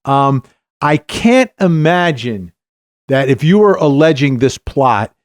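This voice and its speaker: A man's voice: mid-range voice, slow pace, no room sound, clean studio sound. A middle-aged man, a former prosecutor, giving emphatic legal analysis as a podcast guest, often asking "right?". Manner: animated, emphatic, uses rhetorical "right?".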